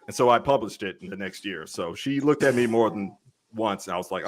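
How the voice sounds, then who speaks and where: A man's voice: on the low side, animated, brisk. A man guest telling a casual anecdote, stammering and acting out the people he quotes. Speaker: guest author. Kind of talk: casual storytelling.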